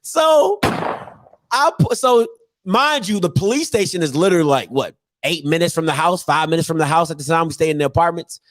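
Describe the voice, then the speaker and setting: A man telling a comic childhood story in an animated way, laughing often. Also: fairly high pitch, moderate pace, dry recording.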